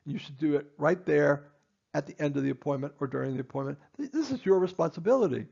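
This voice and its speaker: Stern, gravelly-voiced male dentist lecturing. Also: a little high, fast, a little mellow, muffled recording. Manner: emphatic, repetitive, stern. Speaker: dentist instructing assistants. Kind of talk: training lecture.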